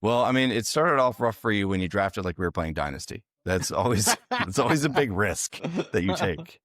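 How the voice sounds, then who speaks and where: Low-voiced man, dry close mic, teasing, filler-heavy casual podcast chat. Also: sing-song, a bit bright, no room sound. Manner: teasing, halting with many fillers. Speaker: podcast co-host.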